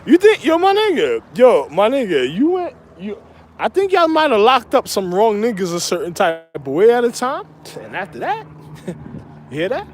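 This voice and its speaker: A man's voice: high-pitched, wildly swooping pitch, normal speed, a little mellow, a little hiss or hum. A man telling rambling stories in a casual monologue, laughing through his words and repeating himself. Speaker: storyteller.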